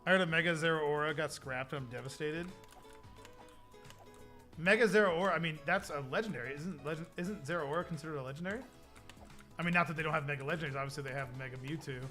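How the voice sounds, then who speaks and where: A young man hosting a livestream, chatting casually in an excitable, rambling way. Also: a little high, fast talker, faint music behind. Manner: excitable, rambling, laughs often. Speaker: livestream host. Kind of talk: casual stream chat.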